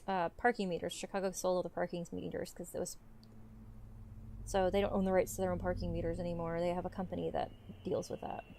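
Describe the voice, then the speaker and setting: A woman's voice: lowish voice, level tone, fast, creaky, warm tone, a little hiss or hum. A woman hosting a let's play, giving casual, rambling commentary with the odd swear. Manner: chatty, rambling asides with swearing.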